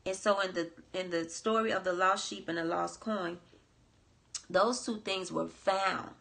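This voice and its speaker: A woman hosting a devotional podcast teaches earnestly from scripture. She circles back over her phrases to drive them home. Her voice has a gravelly edge at mid pitch. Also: bright, forceful tone. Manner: earnest, repeats phrases for emphasis. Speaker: coach and podcast host.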